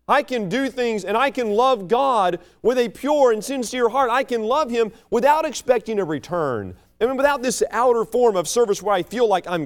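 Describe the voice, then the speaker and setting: A man, preaching a sermon that moves between soaring exhortation and low, chatty family stories. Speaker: pastor.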